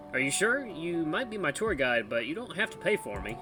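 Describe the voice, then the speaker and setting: A man hosting a let's play, chatty and animated, reading game text and the main character's lines. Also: on the high side, brisk. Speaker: gaming channel host. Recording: background music under voice.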